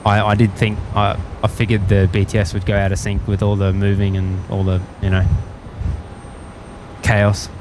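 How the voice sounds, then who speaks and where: A man's voice: lowish voice, completely flat delivery, normal speed, background noise. An Australian man hosting a live stream, chatting casually and chuckling as he greets viewers. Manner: easygoing, rambling, chuckles often. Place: outdoors at a plane-spotting spot by an airport.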